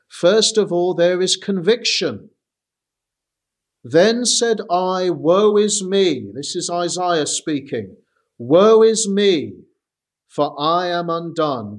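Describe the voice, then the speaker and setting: A man preaching a sermon, reading scripture aloud slowly and stressing his points. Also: high-pitched. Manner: slow and emphatic, reading scripture aloud deliberately.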